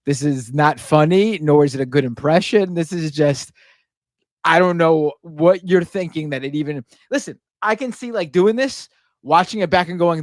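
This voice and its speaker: A podcast co-host talking casually, animated and ranting, with lots of fillers and restarts. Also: medium pitch, normal speed, no room sound.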